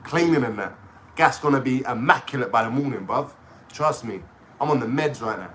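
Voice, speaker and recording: A man ranting casually on a livestream, swearing and talking in an excitable way. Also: mid-range voice, brisk, a little hiss or hum. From London.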